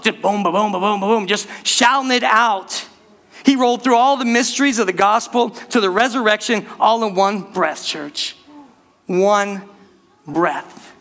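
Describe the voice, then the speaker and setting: A man preaching a sermon to his church, animated and calling out to the congregation, rushing some phrases and drawing others out. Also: high voice. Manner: animated preaching, speeds up and slows down, calls out to the church. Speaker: pastor.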